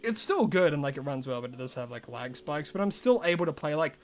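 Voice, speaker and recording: A male streamer chatting casually on a live stream, rambling and loose, full of "like" and restarts, with soft game music behind him. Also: on the high side, expressive, quick pace.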